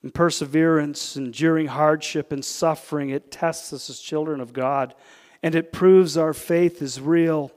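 Canadian pastor preaching in a reverberant hall. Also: male voice, on the high side, steady tone, unhurried. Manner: swings between loud emphatic peaks and hushed intimate asides. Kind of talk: sermon. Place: church sanctuary.

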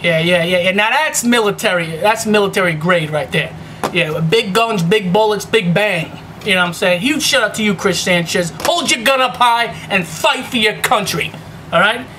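A man giving casual vlog shout-outs in a hyped, joking, streetwise patter, repeating "you know what I'm saying". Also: sits high, moderate pace, noisy background.

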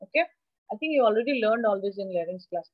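A woman's voice: medium pitch, animated, quick pace, dry recording, dull audio. A woman teaching an anatomy class over a video call, explaining step by step and often checking with her students. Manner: explanatory, asks the class questions. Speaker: anatomy lecturer. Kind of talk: online class lecture. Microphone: computer mic on a video call.

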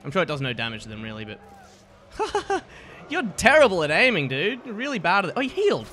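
A young man giving excitable, trash-talking commentary while playing a game, often laughing at his opponents. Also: high voice, a little fast, a little hiss or hum. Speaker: gaming YouTuber. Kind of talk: let's play commentary.

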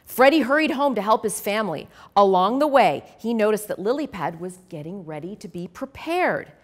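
Expressive woman reading a kids' book. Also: medium pitch, normal speed. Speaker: author reading her picture book. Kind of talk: children's read-aloud.

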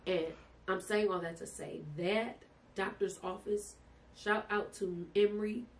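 Animated woman telling her story. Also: mid-range voice, unhurried. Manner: animated, emotional, addresses listeners as "y'all" and "baby". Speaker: podcast guest telling her birth story. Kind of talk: casual storytelling to viewers. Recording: distant mic with faint background noise.

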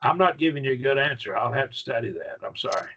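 A man teaching a Bible Greek grammar class in a folksy way, often asking "okay?" and slowing down to stress his points. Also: medium pitch, expressive, gravelly, pushed and bright, slightly rough, lo-fi sound. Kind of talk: classroom lecture.

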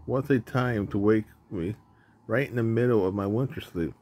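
A man's voice: lowish voice, normal speed, darkish tone, lightly acted. A man voicing a timid, wary young male skunk while reading a storybook aloud, with a hesitant, fretful manner.

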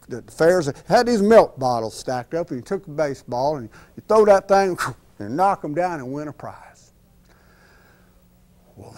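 A man telling a folksy tall tale, laughing along and acting out sound effects. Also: sits high. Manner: animated, laughs at his own story, acts out sound effects. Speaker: storyteller.

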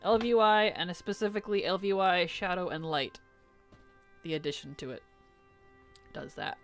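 A woman's voice: on the low side, moderate pace, soft background music. A young adult woman live-streaming a game in casual chat, reading viewers' messages aloud, answering them and laughing often.

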